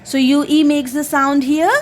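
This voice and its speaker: A woman's voice: sits high, flat delivery, moderate pace, a little mellow. A woman drilling her young child on phonics, patiently spelling out letters one by one and praising each answer.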